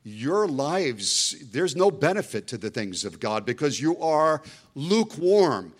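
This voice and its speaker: A man's voice: a little high, big pitch swings, unhurried. A middle-aged man preaching a sermon as a pastor, emphatic and full of storytelling asides.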